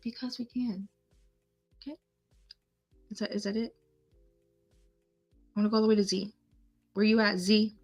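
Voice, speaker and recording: A woman's medium-pitched, slightly mellow voice carries fairly even intonation at a moderate pace, with long pauses and soft background music. She's hosting a casual live craft stream from home, chatting to herself and viewers as she clicks through the steps.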